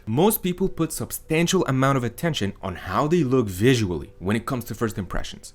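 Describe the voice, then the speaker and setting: A man teaching as a voice coach in a calm, measured scripted monologue, letting his statements fall at the end. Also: fairly low pitch.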